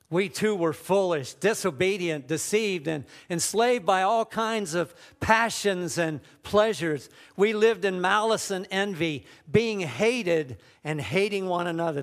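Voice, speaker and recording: Middle-aged pastor, male, higher-pitched voice, emphatic sermon delivery with repetition and call-and-response. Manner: emphatic, repeats phrases, leads congregation in call-and-response.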